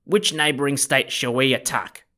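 A man's voice: mid-range voice, steady tone, normal speed, bright, forceful tone, natural voice. A man voicing an ambitious ancient king in a story he narrates, in his own plain voice. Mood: eager.

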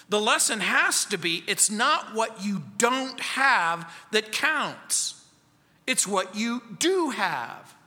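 A man preaching verse by verse in a church, his voice high and bright against a long, ringing sanctuary reverb. He speaks slowly and deliberately, slipping into quoted voices and falling to a hush for his key points. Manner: acts out quoted voices, drops to soft quiet lines. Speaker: pastor. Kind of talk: expository sermon.

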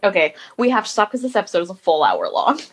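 A woman co-hosting a podcast in casual chat, wry and brisk, steering the talk with questions. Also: medium pitch, huge pitch swings, slightly rough. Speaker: podcast co-host.

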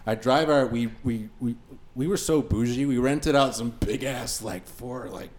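A man's voice: medium pitch, moderate pace. Profane storytelling podcast guy. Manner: profane, animated anecdote-telling with many fillers. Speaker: musician guest on podcast. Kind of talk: casual storytelling chat.

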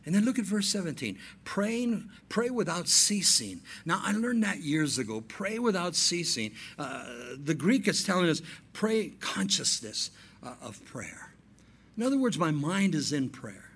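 A male pastor preaching a sermon, animated, telling stories and acting out dialogue. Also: sits high, unhurried, husky.

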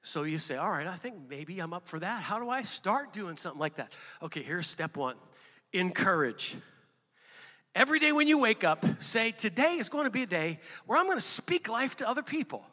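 A man delivers a sermon with animated preaching that keeps surging into emphatic peaks. His voice sits a little high for a man and sounds bright and forceful. A long reverb trails every phrase, as if he is speaking in a large church. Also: fairly quick. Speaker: pastor.

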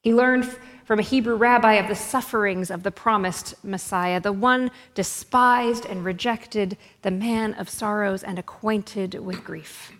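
A woman narrates a story in a measured, expressive reading voice. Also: mid-range voice. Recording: long hall reverb.

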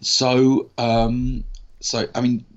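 A man's voice: mid-range voice, completely flat delivery, extremely slow, lo-fi sound. A man with an English accent, an actor telling a long story in casual podcast chat, with frequent ums and self-corrections. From England. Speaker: actor guest.

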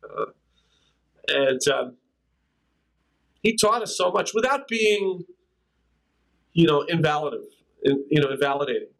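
An older man, a drummer appearing as an interview guest, talks in a high-pitched, expressive, gravelly, slightly bright voice, taking it slowly with long pauses on poor audio. In casual storytelling, he rambles through anecdotes, scat-sings drum rhythms, and laughs.

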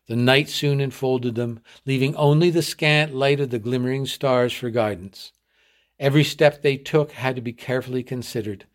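Man, story reader, measured storytelling, mid-range pitch. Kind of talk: reading a short story aloud.

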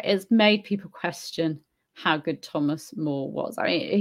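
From her home in Spain, a woman hosts a live stream and chats casually with viewers, answering their comments. Her low voice carries a gravelly vocal fry. She thinks aloud in a hesitant, thoughtful way, pausing on fillers and often restarting sentences.

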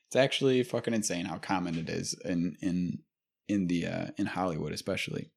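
A man's voice: low-pitched, a little fast, gravelly, a little mellow. A young man hosting a podcast, chatting casually and rambling with many fillers and curse words. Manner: rambling, profane, frequent fillers. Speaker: podcast host. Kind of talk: casual chat.

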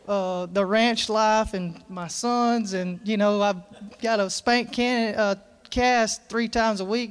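A man preaches to his congregation in a high, clear voice. His delivery is earnest and folksy, full of restarts and plain country talk as he reads scripture and speaks from the heart. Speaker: pastor. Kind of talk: sermon. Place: church.

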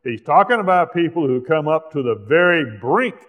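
A man preaching a sermon, slowing down hard to stress scripture passages and pressing each point with emphasis. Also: fairly high pitch, expressive, fairly bright tone. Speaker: pastor. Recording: echoey hall, tinny phone-like sound.

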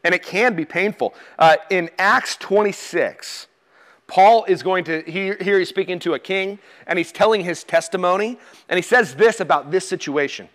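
A man's voice: high-pitched, moderate pace, fairly bright tone. A man preaching a sermon in a conversational, plain-spoken way, with light humor and direct questions to his listeners. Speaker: pastor.

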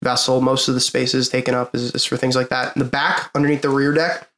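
A man's voice: medium pitch, little pitch movement, fast, a bit bright, reverberant. A young man narrating as game master, casual and hesitant with frequent ums.

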